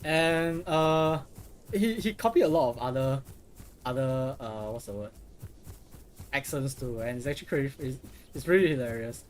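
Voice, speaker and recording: A man's voice: mid-range voice, expressive, moderate pace, long pauses. A young man streaming a game, chatting casually in a rambling, profane way with lots of restarts. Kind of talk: casual live gameplay commentary.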